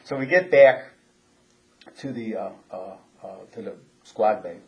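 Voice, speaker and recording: A man's voice: lowish voice, a little mellow. Older man chuckling through a war story. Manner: chuckling, halting with restarts. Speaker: interviewee, former Marine. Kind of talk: casual storytelling.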